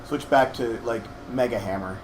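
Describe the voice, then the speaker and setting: A man's voice: mid-range voice, moderate pace. A young man with a slightly scratchy throat, casually explaining a video game to his partner in a hedging, self-deprecating way. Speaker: co-host gamer guiding his partner. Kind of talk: casual let's-play commentary.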